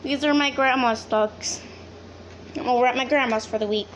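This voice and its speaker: A woman's voice: high voice, fairly even intonation, normal speed, slight background noise. A young woman vlogging at her grandmother's home, talking to the dogs in a fond, baby-talk way. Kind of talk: casual vlog talking to pets.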